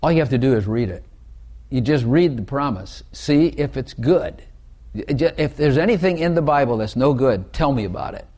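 A man's voice: mid-range voice, expressive, moderate pace, darkish tone. Conversational male preacher. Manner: conversational, repeats phrases, asks the listeners questions. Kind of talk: informal sermon.

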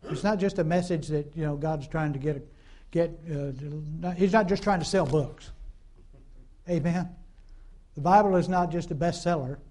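A man's voice: on the high side, warm tone. A man preaching a conversational sermon in a folksy, repetitive way, full of fillers and call-and-response asides.

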